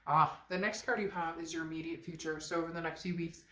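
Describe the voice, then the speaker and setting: A woman's voice: sits low, fairly even intonation, fast talker, fairly bright tone, roomy sound. A woman with a stuffed-up nose giving a chatty, emphatic tarot reading straight to her viewers. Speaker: tarot reader.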